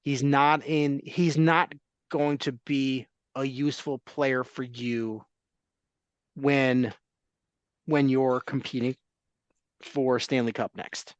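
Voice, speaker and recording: A man's voice: medium pitch, level tone, slow, long pauses, smooth, dry recording, dull audio. A man hosting a casual sports talk podcast, rambling and restarting his sentences. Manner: rambling, self-interrupting, laughs easily.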